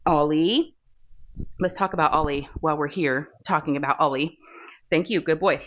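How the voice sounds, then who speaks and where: Texan lady rambling away while she crafts, lowish voice, muffled phone audio. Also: normal speed. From Texas. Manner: chatty and rambling, with many fillers and laughs. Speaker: crafting channel host. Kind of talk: casual chat while diamond painting. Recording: dull lo-fi phone recording.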